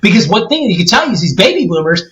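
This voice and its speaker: A worked-up man in his forties launches into an emphatic podcast rant, his voice bright and edged with strain. His pitch swings widely as he pushes each point. The sound carries a noticeable room echo. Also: sing-song, racing. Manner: heated, ranting, emphatic. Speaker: co-host. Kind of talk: podcast discussion. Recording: roomy echoey room.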